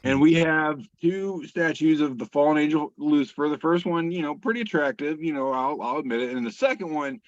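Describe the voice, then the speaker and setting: A man's voice: on the high side, a little fast, creaky, few pauses, dry recording. A man co-hosting a casual show, reading meme captions aloud with wry, swearing asides. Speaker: co-host. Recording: dull lo-fi call audio, dry.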